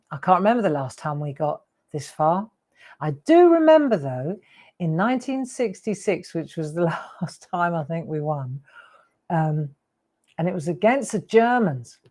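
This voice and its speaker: A woman's voice: fairly low pitch, very animated, normal speed, a little mellow. A woman in her sixties hosting a live craft show, chatty and rambling with laughing asides. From England. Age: 60s. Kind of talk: live craft demo chat.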